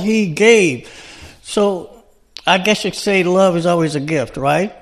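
A man with a fairly high voice preaching a sermon. He talks to the congregation conversationally and keeps checking in with rhetorical questions. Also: measured pace.

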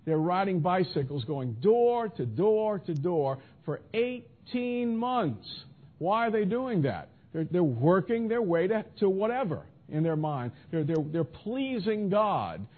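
Preacher guy, high lively voice, kinda husky, sounds like a phone line. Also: unhurried. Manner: emphatic, rhetorical questions, voices imagined objections. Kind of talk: sermon. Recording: tinny phone-like audio.

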